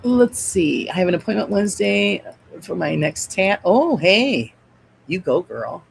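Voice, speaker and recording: A woman talks her viewers through a miniature build in a relaxed, rambling way, drifting off into chatter between steps. Her voice has a gravelly edge and sits at a middling pitch. A faint hiss runs beneath her. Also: a little slow, rough recording. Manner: chatty, rambling, reads out and answers viewer comments. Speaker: miniature crafting host. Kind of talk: casual craft livestream chat.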